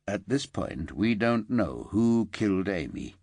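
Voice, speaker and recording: A man doing a deep, grave police detective. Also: very animated, creaky, husky, dry recording, heavily acted. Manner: soft, measured. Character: calm, grave male police detective sergeant.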